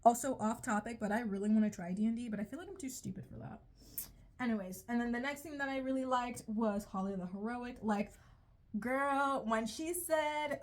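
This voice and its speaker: Young woman, fairly high voice, rambling, profane, self-interrupting, casual vlog commentary. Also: brisk. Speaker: video creator reviewing a show.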